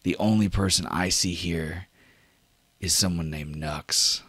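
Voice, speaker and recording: A man voicing a calm, steady man who holds his ground, speaking firmly in a tabletop game. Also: sits low, slow, husky, no echo, exaggerated voice.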